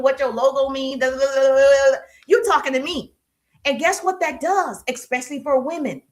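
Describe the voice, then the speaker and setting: Woman sales coach, high voice, punchy and repetitive, live-stream teaching. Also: fairly bright tone. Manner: emphatic, repeats key lines, asks the audience questions.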